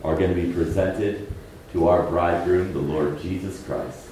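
A man preaching a sermon, moving between loud emphatic peaks and hushed low lines and asking the congregation rhetorical questions. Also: a little slow, very echoey, a little hiss or hum, poor audio.

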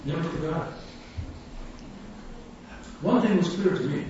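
A man preaching a sermon, telling stories with animated quotes and frequent laughter. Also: fairly high pitch, measured pace, a little hiss or hum. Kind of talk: sermon with storytelling. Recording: echoey distant hall sound, dull.

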